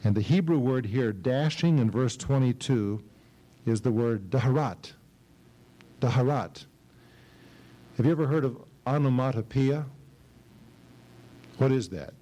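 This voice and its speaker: Man, pastor, sermon, mellow tone, medium pitch, dramatic scripture reading, questions to the class. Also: animated, a little slow, long pauses, rough recording. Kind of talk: expository sermon with Bible reading. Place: church service.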